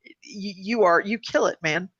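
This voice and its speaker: A woman hosting a casual chat, lively and effusive. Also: medium pitch, unhurried, no echo, highs cut off. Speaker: host.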